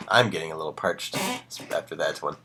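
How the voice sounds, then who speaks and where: A man reading horror stories aloud on a live stream, breaking off for casual asides and dropping to a hushed voice on the ominous lines. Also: rumbling low, fairly quick, slight background noise.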